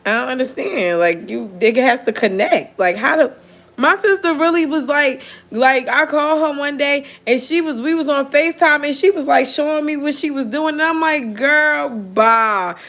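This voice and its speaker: A woman's voice: sits high, normal speed, fairly bright tone. A woman who reads tarot, telling a story in casual chat with blunt, profane talk and frequent laughter. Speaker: tarot reader.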